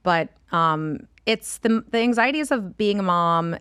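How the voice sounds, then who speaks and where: A woman's voice: medium pitch, animated, a little slow, fairly bright tone, clean tone, no echo. Casting note: woman in her 40s, candid chatty guest, swears and laughs, very dry close sound. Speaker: podcast guest. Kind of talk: casual chat.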